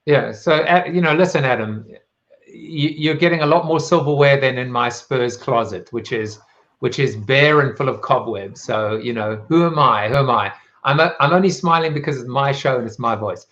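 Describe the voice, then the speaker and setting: South African male host, playful rhetorical delivery, mid pitch, lo-fi sound. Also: a bit bright. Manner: rhetorical, playful, quick asides. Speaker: show host. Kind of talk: live-streamed talk show.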